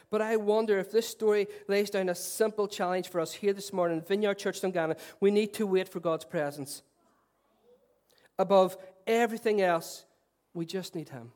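With a high-pitched voice, a middle-aged man delivers an earnest sermon as a pastor. He moves back and forth between booming proclamations and gentle, tender moments, adding self-deprecating humour.

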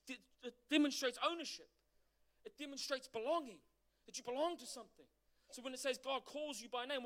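A middle-aged man preaching a sermon as pastor, asking the congregation questions. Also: very high-pitched. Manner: animated preaching with rhetorical questions.

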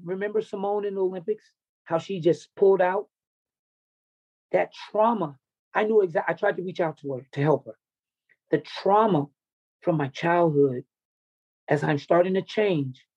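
A man's voice: high voice, darkish tone, dry recording, highs cut off. A man who coaches wrestling tells a raw personal story in an interview, intense, confessional and full of swearing.

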